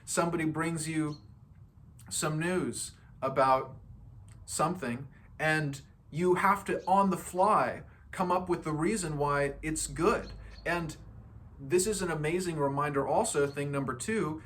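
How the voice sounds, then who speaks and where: A man's voice: a little high, a little slow, a bit bright. A man giving a casual, playful motivational talk on feeling good, laughing often and acting out other people's voices. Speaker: spiritual self-help speaker.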